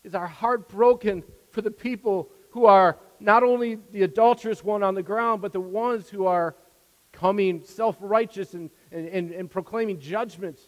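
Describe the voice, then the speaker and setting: A man preaching a sermon as a pastor, earnest, repeating words as his volume swings from soft to loud. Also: high-pitched, normal speed, big-room sound, dull audio.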